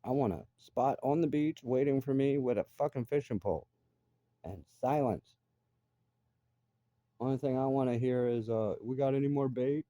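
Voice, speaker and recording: A man's voice: mid-range voice, moderate pace, long pauses, warm tone, dry recording. A middle-aged man ranting bluntly and profanely in a casual monologue. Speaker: vlogger.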